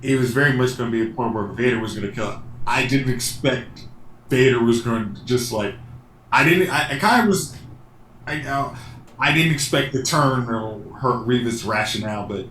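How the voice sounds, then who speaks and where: A man co-hosting a casual podcast chat, starting haltingly with many restarts before speeding into quick bursts. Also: medium pitch, a bit bright. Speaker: podcast co-host. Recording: echoey room with faint background noise.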